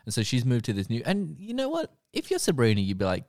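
A man's voice: medium pitch, fast talker. A young man co-hosting a podcast, telling stories with lots of swearing. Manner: animated storyteller, swears freely. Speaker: podcast co-host. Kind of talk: casual chat.

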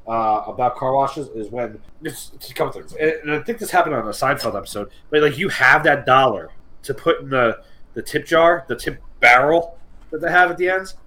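A man's voice: medium pitch, brisk, bright, forceful tone, slight background noise, low-quality recording. Rambling, profane podcast co-host, a man. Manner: rambling, profane, riffs on absurd ideas. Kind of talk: casual comedic chat.

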